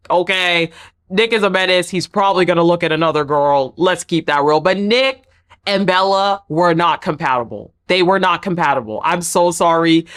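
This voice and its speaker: A woman's voice: on the low side, a bit bright. A woman giving a casual, opinionated reality-show recap in a chatty, playfully dramatic way. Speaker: TV recap vlogger.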